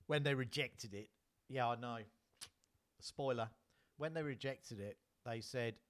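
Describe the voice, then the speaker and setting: A man reads his own novel aloud in a chatty way, breaking off for casual asides. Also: medium pitch. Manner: chatty, laughs at himself. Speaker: author reading his novel. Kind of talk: casual story reading with asides.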